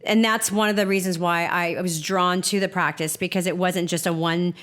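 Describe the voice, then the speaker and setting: A woman's voice: on the low side, steady tone, fairly quick, a bit bright. A woman hosting a podcast, chatting in a casual, effusive and grateful way with many restarts. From California. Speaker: podcast host. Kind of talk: casual interview chat.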